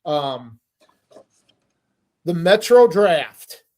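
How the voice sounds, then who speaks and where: A man's voice: sits high, animated, very slow, a little mellow. A middle-aged man co-hosting a podcast, telling stories in a rambling, hesitant casual chat. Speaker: podcast co-host.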